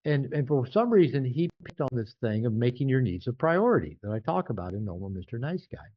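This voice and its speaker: An older man, an author being interviewed, talking casually and animatedly, often jumping higher to act out quoted voices. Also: big pitch swings, a little fast, dull audio. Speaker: author and guest.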